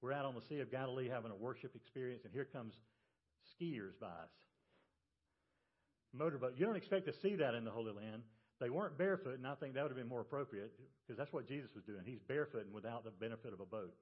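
A male pastor preaching a sermon to his congregation in a relaxed, storytelling way. He drops his voice low for quoted words. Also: quick pace, lo-fi sound. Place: church service.

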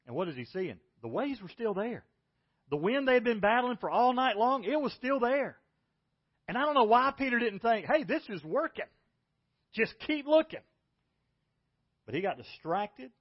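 A middle-aged man preaching a sermon as pastor, telling a personal story and moving between loud, excited bursts and hushed, tender lines. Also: very high-pitched, moderate pace, breathy edge, dull audio.

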